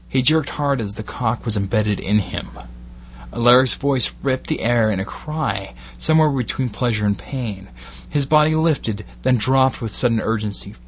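A Glaswegian man narrating an erotic story in a measured, steady delivery with short phrased pauses. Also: mid-range voice, a little hiss or hum.

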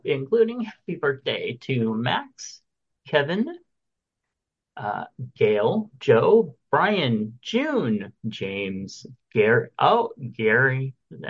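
Slow, gravelly male podcast co-host. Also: medium pitch, dull audio. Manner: chatty, reading out listener birthdays and messages. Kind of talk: casual chat.

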